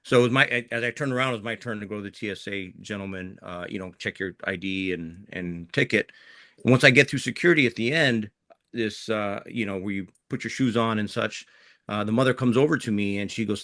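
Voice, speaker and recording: A man's voice: lowish voice, brisk, fairly bright tone, dry recording, studio quality. A middle-aged man from southern New Mexico, a veteran guest telling personal stories in an interview, candid and emotional, with frequent restarts. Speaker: guest, Green Beret veteran. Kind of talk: conversational storytelling interview.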